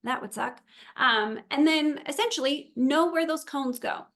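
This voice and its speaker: A woman's voice: high voice, measured pace, fairly bright tone. A woman briefing a virtual meeting for event volunteers and drivers, upbeat, chatty and practical. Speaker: event organizer.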